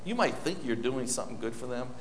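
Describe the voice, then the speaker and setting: Lively intonation and a fast delivery mark this medium-pitched man's conversational sermon. He tells stories to the congregation, restarting often and adding asides, while a little hiss or hum sits under the echoey, long-reverb hall sound.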